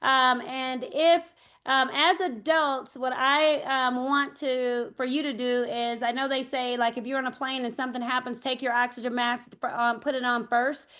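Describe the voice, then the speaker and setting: A woman's voice: high voice, level tone, normal speed, fairly bright tone. An older woman, an early childhood educator, giving a parent workshop talk, hesitant and thinking aloud as she tells anecdotes.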